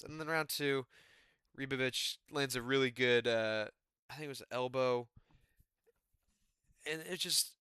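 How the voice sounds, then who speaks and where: A man's voice: medium pitch, sharp tone, smooth, no room sound, clean studio sound. A man giving a rambling, profane, exasperated casual recap of a fight card. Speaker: MMA commentary YouTuber.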